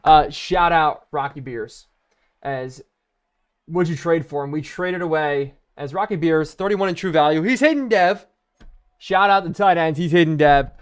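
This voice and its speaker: A man's voice: on the high side, moderate pace, clean tone. A young man live-streaming a video game, chatting to viewers and thinking aloud as he plays.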